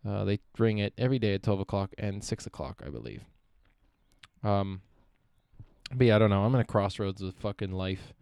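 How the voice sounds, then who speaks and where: Profane rambling young man, smooth dry voice. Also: on the low side, normal speed, darkish tone, no room sound. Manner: profane, meandering, self-interrupting. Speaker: podcast host. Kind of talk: rambling solo podcast monologue.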